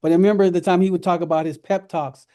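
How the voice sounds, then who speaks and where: A man hosting a radio talk show, speaking earnestly and reverently, with lively laughing stretches. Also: high-pitched, fast. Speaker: radio host. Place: radio studio.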